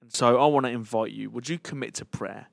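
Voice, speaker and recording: A man's voice: mid-range voice, fairly quick, gravelly, no echo. A man, sharing a personal testimony as a church leader in an earnest, chatty way.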